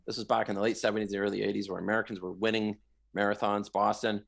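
A middle-aged man from Canada, a guest in an interview, telling stories animatedly and bursting into loud quoted lines. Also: on the low side, quick pace, creaky. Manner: animated storyteller who shouts out quoted lines. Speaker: guest, marathon runner. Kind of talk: storytelling in a podcast interview.

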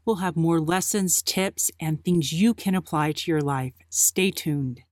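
A woman hosting the show, announcing a break in an unhurried way. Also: sits low, a little mellow, a little hiss or hum. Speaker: host. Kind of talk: show host segue.

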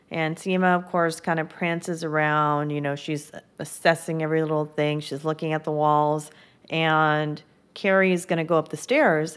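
Chatty podcast host woman, slightly low voice. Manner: chatty, upbeat, acts out characters' lines while retelling. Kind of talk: casual solo podcast recap.

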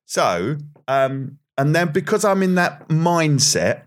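Animated male podcast host. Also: fairly high pitch, slow pace. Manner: animated, defensive, self-mocking. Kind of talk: casual banter.

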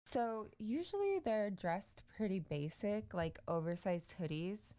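A woman's voice: medium pitch, expressive, measured pace, mellow. A woman hosting a podcast, casually telling a creepy story with lots of fillers. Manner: chatty, many fillers, laughs easily. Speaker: podcast host.

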